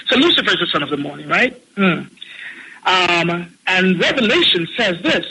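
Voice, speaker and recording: High, sharp-voiced Jamaican man ranting. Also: expressive, normal speed, creaky, husky, low-quality recording. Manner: mocking, scolding, preachy. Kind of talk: heated ranting monologue.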